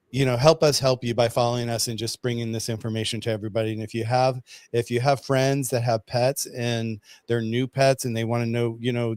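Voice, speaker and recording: A male host in casual conversation, talking in an animated, storytelling way. His pitch sits in an ordinary middle range. The sound is dry and close, with almost no room echo. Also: clean tone. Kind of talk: casual chat.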